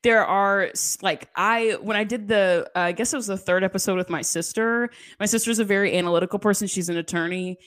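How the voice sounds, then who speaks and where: A woman's voice: medium pitch, fairly even intonation, fairly quick, few pauses, fairly bright tone. A woman hosting a podcast in casual chat, chatty and giggly with lots of filler words. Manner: chatty, giggly, lots of likes and you-knows. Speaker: podcast host.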